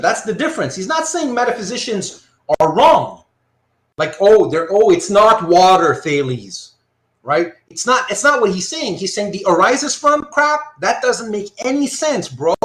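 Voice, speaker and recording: A man teaching a live online philosophy class, working through examples out loud and often checking that his students follow. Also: high voice, normal speed. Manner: animated, thinks aloud with frequent rhetorical checks. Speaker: philosophy lecturer.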